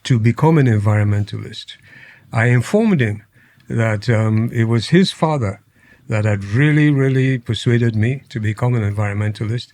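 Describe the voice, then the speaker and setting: Speaking at medium pitch and normal speed, an older man from Nigeria with a Nigerian accent shares stories as a podcast guest. The interview is casual; his anecdotes are animated, he performs the quotes, and he laughs frequently.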